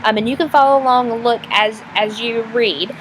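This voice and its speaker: A woman's voice: on the high side, normal speed, fairly bright tone. Woman teacher, recorded video lesson, casual explaining, fillers and restarts, faint traffic noise, trucks passing outside.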